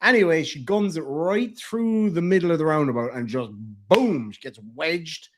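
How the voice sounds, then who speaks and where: This Irish man speaks at a moderate pace in an animated voice on the high side while reacting to a livestream. Swearing fills the stories in his casual commentary, and he keeps laughing through them.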